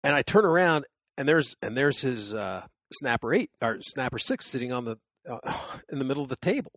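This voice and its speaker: A man telling a story in casual chat with friends, animated and full of restarts. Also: mid-range voice, a little fast.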